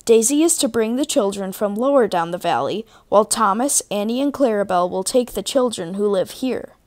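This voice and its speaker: A woman reading a children's storybook aloud in a clear, even manner. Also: mid-range voice, brisk. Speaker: storybook reader.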